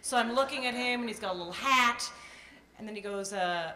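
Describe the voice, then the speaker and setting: A brash woman comic from Canada works a club stage, her bright voice carrying a ringing edge. She tells her stories chattily and drops profane punchlines. A roomy live sound surrounds her, with faint noise in the background. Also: mid-range voice, a little fast. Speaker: stand-up comedian. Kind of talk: live stand-up set. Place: nightclub stage before a live audience.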